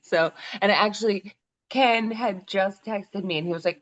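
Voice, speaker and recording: A woman's voice: medium pitch, moderate pace. A woman in her thirties, a podcast co-host, telling stories in casual chat and laughing often as she talks. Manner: animated storyteller, laughs often while talking. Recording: slightly dull lo-fi sound.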